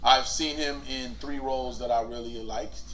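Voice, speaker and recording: A man's voice: medium pitch, normal speed, a little hiss or hum. A man, an actor, talking casually in an interview about acting choices and acting out quotes. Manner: animated, acts out quotes in big voices.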